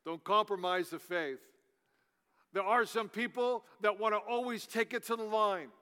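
A man's voice: high-pitched, moderate pace, sharp tone, clean tone. A male pastor preaching a sermon, speaking emphatically with repetition and call-and-response prompts. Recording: long reverb in a large hall.

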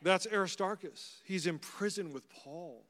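A slightly slow, high-pitched middle-aged pastor delivers a sermon made of personal stories. He keeps it conversational and anecdotal with warm humor, and the recording rings with the long reverb of a large hall.

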